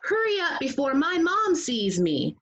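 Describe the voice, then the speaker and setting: A woman doing an excitable young boy. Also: high-pitched, a little slow, exaggerated voice. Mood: frustrated. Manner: eager, exclaiming. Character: cheerful young boy, excitable then flustered. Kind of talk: storybook read-aloud.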